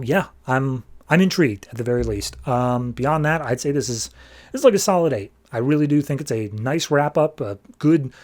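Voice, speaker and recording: A man's voice: medium pitch, darkish tone. A man hosting a podcast, chatty, recapping comic books and acting out character voices. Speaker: podcast host. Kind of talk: casual comic book recap.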